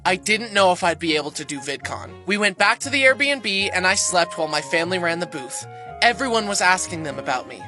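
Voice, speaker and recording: A man's voice: high voice, expressive, a little fast, over music. A young man narrating his own life story in a wry, jokey, self-mocking way. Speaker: animated storytime creator.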